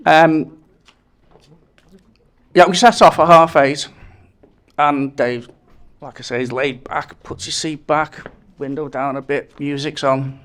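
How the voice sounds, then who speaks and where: A man's voice: fairly high pitch, steady tone, slow, long pauses, a bit bright. A man giving a wedding speech, telling anecdotes and chuckling at his own jokes. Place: wedding reception.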